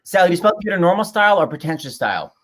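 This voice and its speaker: Male host, playful and rambling, lively swooping pitch, video call. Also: racing. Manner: joking, rambling, teasing. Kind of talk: casual chat.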